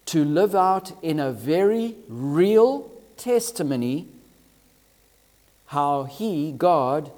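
A man delivers a sermon in a high voice, slow and deliberate, leaning hard on key words and letting phrases stretch out. His voice rings with a long reverb, as if recorded in a church sanctuary. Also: a little mellow. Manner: emphatic, drawn-out phrasing with rising and falling emphasis. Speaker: preacher.

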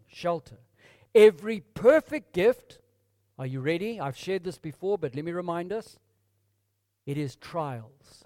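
A man's voice: a little high, mellow, dry recording, studio quality. A man preaching a sermon, reading scripture with rising emphasis and calling his listeners folks. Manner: addresses congregation as folks.

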